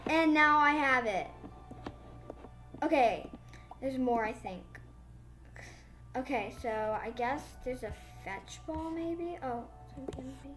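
Woman gushing over her game, high voice, kinda breathless and babbling, phone mic, faint music behind. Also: expressive, slow pace, long pauses, fairly bright tone. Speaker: gaming vlogger. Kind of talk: excited casual gameplay commentary.

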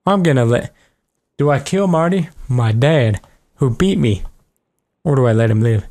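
A man hosting a let's play, talking over the game with a joking, foul-mouthed running commentary. His voice sits at an ordinary middle pitch, and he reacts aloud to each moment in an offhand way. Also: expressive, normal speed, a little mellow. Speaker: gaming video host.

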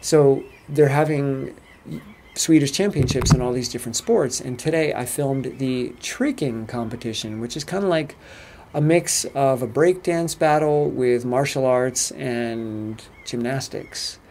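Gravelly American man vlogging. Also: medium pitch, measured pace, slight background noise. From United States. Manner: relaxed, chatty storytelling with laughs. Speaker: travel vlogger. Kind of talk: casual vlog commentary.

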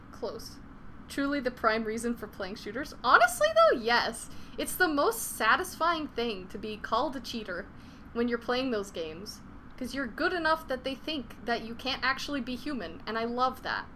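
A woman's voice: fairly high pitch, big pitch swings, normal speed, sharp tone, a little hiss or hum. A young woman chatting casually on a live gaming stream, swearing freely and venting frustration between laughs. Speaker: game streamer.

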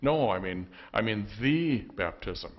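A man's voice: on the low side, muffled recording. A man voicing Andrew, an earnest young fisherman eager to follow a new teacher. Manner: earnest, halting, excited.

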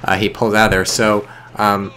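A man's voice: lowish voice, little pitch movement, normal speed, sharp tone, slight background noise. Chatty man casting a strategy game. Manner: chatty, rambling, joking asides. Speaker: game caster. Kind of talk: casual game commentary.

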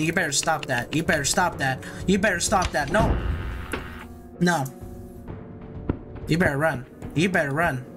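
Jittery young man playing a horror game. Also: on the high side. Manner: nervous, repeats himself, hypes himself up. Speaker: gaming YouTuber.

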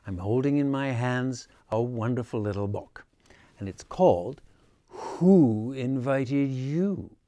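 A man's voice: mid-range voice, moderate pace, dark tone, no room sound. A man reading a picture book aloud, introducing it and then telling the story in a playful southern drawl. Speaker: book reader.

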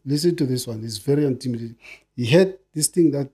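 A South African man in his sixties, a former footballer, telling stories in an animated way, repeating words in bursts and checking that the listener follows. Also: medium pitch, quick pace, breathy edge. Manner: animated, repeats words in bursts, keeps asking "you understand?". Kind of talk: casual storytelling interview.

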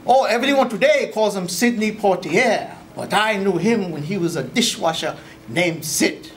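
A man voicing an earnest immigrant dishwasher who tells his story in broken English, sometimes bursting out higher and louder. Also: animated, normal speed, a little hiss or hum. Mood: storytelling.

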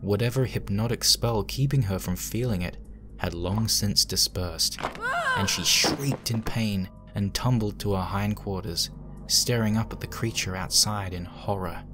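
A man reading a horror fanfic aloud with hushed, dread-filled narration. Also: on the low side, measured pace, over loud music. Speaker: fanfic reader.

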